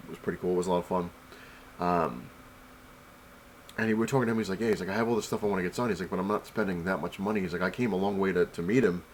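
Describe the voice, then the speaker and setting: A man's voice: low voice, a little hiss or hum, poor audio. A young man telling a rambling, casual story about a comic convention and showing what he bought, full of fillers and quoted back-and-forth. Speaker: comic collector vlogger. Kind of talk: casual convention haul recap.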